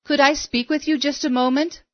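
A woman's voice: mid-range voice, animated, normal speed, no echo, lightly acted. Storybook reading: woman voicing an insistent middle-aged female astrologer, coaxing, on a dry, dull recording.

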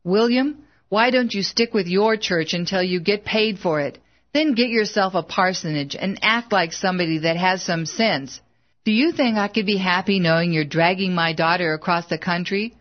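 A woman's voice: lowish voice, normal speed, lo-fi sound, natural voice. A woman reading the part of a stern, disapproving older mother who speaks curtly and with scorn in a storybook. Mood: scornful. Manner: curt, scornful.

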